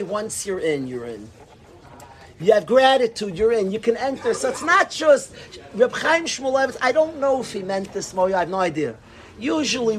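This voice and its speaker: A man teaching a lively, casual Torah class, enthusiastic and animated, sprinkling Yiddish and Hebrew words into his talk. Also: sits high.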